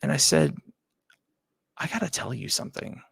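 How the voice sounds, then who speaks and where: A man hosting a talk show, telling a personal story in a halting, emotional way, often dropping to a quiet near-whisper and repeating his words. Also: low-pitched, wildly swooping pitch, creaky, breathy edge, no room sound. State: choked up. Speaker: show host.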